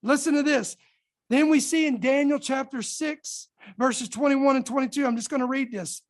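A woman's voice: high-pitched, moderate pace. Fervent woman preaching a sermon. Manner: fervent, calls out to the congregation.

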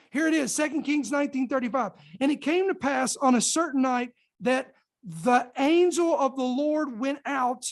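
A woman preacher delivering a fervent sermon, calling out to her congregation for responses. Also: high-pitched.

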